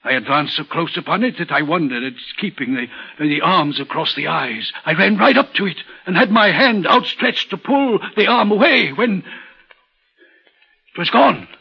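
A man's voice: sits high, animated, moderate pace, gravelly, slightly rough, full character voice. An actor playing a nervous, haunted male railway signalman, telling his story in an earnest, urgent way, in an old-time radio drama. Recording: muffled old radio recording.

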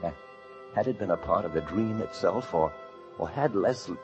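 A man's voice: low-pitched, animated, normal speed. A hunted man in dread. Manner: tense, breathless confession. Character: frightened male fugitive hiding in an attic, narrating. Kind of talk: 1940s radio drama acting. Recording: muffled old radio recording with music.

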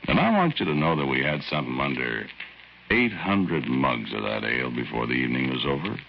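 A man narrating as a folksy, easygoing everyday fellow, telling his own story in a relaxed way with drawn-out asides, in 1940s radio acting style. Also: extremely low pitch, vocal fry, slight background noise, full character voice. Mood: reminiscing. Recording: muffled old radio recording with music underneath.

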